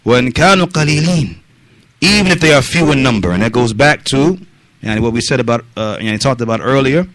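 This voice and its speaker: Guy teaching a mosque class, talks really fast, dry close sound, mixes in arabic phrases and keeps saying yani. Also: fairly high pitch, bright, forceful tone, dry recording. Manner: questions listeners directly, brisk and probing. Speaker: religious teacher. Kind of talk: mosque lesson with questions from attendees.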